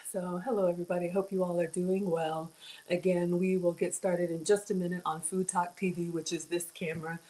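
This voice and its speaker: A woman's voice: on the low side, level tone, fairly quick, warm tone, rough recording. A middle-aged woman hosting a casual cooking livestream, chatty and greeting viewers by name. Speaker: cooking show host.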